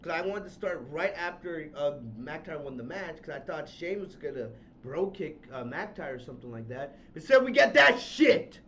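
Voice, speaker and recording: A man's voice: fairly high pitch, normal speed, hardly any pauses, a little hiss or hum. A man hosting a wrestling review podcast, ranting angrily and swearing a lot, repeating his phrases. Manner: angry, profane, loud ranting with repeated phrases. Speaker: podcast host. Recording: dull lo-fi sound.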